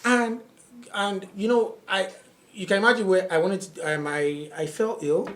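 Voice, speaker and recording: A man's voice: sits high, fairly even intonation, normal speed, a bit bright. A young man from Nigeria telling funny stories as a podcast guest, acting out quotes and laughing often. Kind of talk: casual storytelling chat.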